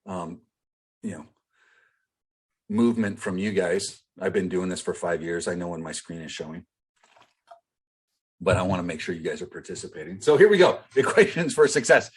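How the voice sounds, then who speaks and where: A man with a low, animated voice and a breathy edge speaks at normal speed but pauses often. He's a business coach teaching a live online group call in a loose, filler-heavy, conversational style, asking the group things directly, recorded through a video-call mic.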